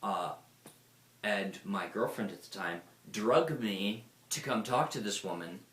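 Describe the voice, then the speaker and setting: Low-voiced guy rambling through stories, swears a lot, echoey room. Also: a little slow. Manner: rambling, profane, lively storyteller. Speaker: speaker. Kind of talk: casual storytelling talk. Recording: roomy echo.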